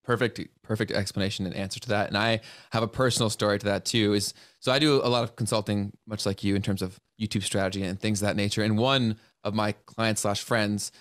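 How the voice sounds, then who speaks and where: A man's voice: lowish voice, a bit bright. A man hosting a podcast in casual interview chat. He affirms his guest with enthusiasm and explains his points like a coach. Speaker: podcast host.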